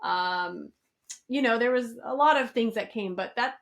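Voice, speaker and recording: A woman's voice: fairly high pitch, a little slow, creaky. A middle-aged woman co-hosting a podcast in casual chat, candid and swearing freely. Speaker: podcast co-host.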